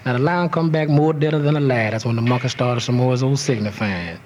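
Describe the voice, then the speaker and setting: Brief: male storyteller, middle pitch, rhythmic rhymed recitation with lots of cursing. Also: fast talker, darkish tone, slight background noise. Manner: rhythmic rhyming delivery, heavy cursing. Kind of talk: reciting a rhymed profane folk toast.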